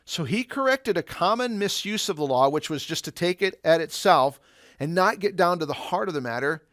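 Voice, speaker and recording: A man leads a Bible lesson for students in a relaxed, conversational way. He asks the class rhetorical questions and explains ideas with everyday examples. His voice sits a little high, and the recording is close and dry with no room sound. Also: moderate pace, dry recording. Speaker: Bible teacher.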